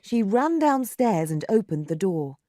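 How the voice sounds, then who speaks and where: A woman narrating a story aloud, slow and lively, acting out the dialogue. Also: mid-range voice, no room sound, clean studio sound.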